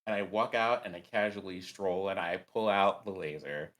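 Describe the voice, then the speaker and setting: Low-voiced man pondering his game move. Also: moderate pace, fairly bright tone, slight background noise. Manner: hesitant, many ums. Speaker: player. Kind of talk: tabletop game play.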